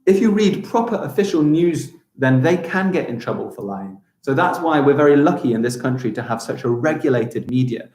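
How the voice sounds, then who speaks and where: Brief: young male primary teacher, mid-pitched, animated for kids, in a roomy echoey space. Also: a little fast, few pauses. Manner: animated, exaggerated pronunciation for children. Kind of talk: live online lesson for young children.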